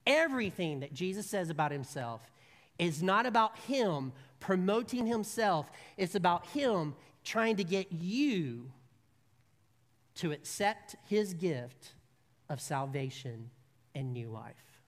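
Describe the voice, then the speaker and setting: A woman's voice: on the low side, lively intonation, slow pace. A woman preaching a sermon in a church, telling stories in a chatty, humorous way before turning earnest. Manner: conversational storytelling, humorous then earnest. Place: church sanctuary. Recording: long reverb of a large hall.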